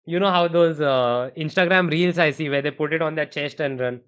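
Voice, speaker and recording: A man's voice: a little high, brisk, a bit bright, clear, resonant tone. A young man with an Indian accent, streaming chess and thinking aloud through variations while he answers chat in a casual way. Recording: dull, muffled stream audio.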